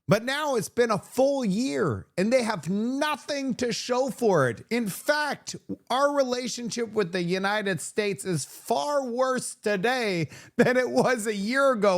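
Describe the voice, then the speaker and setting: A man hosting political commentary with a sarcastic, animated delivery. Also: high-pitched. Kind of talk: opinion commentary.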